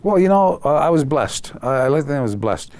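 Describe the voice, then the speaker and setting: A man's voice: a little high, a little fast, slight background noise. Older man telling stories animatedly. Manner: animated, acts out quoted voices. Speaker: guest. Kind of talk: storytelling interview.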